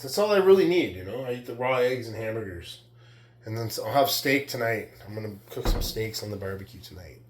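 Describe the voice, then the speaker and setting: A man's voice: medium pitch, reverberant, a little hiss or hum. A man in a casual vlog rant, boastful and taunting, who keeps tagging his sentences with "right?" and "man". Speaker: weightlifting vlogger.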